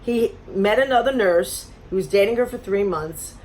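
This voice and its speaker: A woman's voice: mid-range voice, moderate pace, a little mellow, slight background noise. A middle-aged woman from Florida telling a dating story in an exasperated, sarcastic casual rant. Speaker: vlogger.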